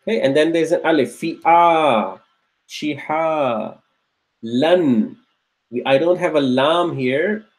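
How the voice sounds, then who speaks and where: A man with a somewhat high voice leads an Arabic grammar class while writing on a board. He drills each word slowly and repeats it several times. He keeps checking in with his students to see that they are following. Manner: patient, drills words by repeating them slowly. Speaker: Arabic teacher.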